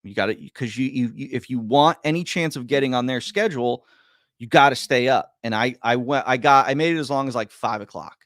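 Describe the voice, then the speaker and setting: A man casually telling a long story on a podcast, rambling and stumbling over his words, his voice swinging between loud bursts and quiet mutters. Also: mid-range voice, fairly quick, dry recording, studio quality. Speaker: podcast guest.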